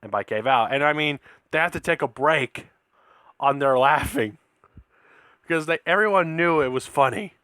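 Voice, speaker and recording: A man's voice: a little high, moderate pace, long pauses, sharp tone, clean tone, no echo, studio quality. A man casually telling a made-up story, rambling along with many restarts and repeated words. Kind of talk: casual spoken fan-fiction story.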